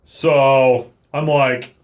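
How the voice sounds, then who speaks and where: A middle-aged man telling a story in a casual vlog, animated and irritated, playing both sides of an argument and calling himself by name in the third person. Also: medium pitch, extremely slow, dull audio. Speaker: vlogger.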